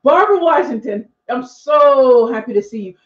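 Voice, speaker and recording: A woman's voice: high-pitched, animated, normal speed. A woman in her forties, a speaking coach, chatting live with her viewers and talking straight to them. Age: 40s. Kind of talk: live stream chat reading viewer comments. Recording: echoey room, dull lo-fi sound.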